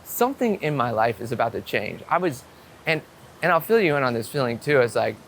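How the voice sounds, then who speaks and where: A man vlogging outdoors, telling a story to the camera in an eager rush and swearing freely. His voice is bright and forward, and faint street noise runs under it. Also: medium pitch, a little fast. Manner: excitable, swearing storyteller with many "I'm like" quotes. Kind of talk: casual talk to camera.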